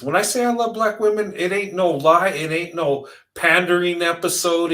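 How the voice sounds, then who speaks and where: A man's voice: medium pitch, sharp tone, roomy sound. A man in his fifties giving a heartfelt vlog monologue, earnest and emphatic, building his points through repetition. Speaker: vlogger.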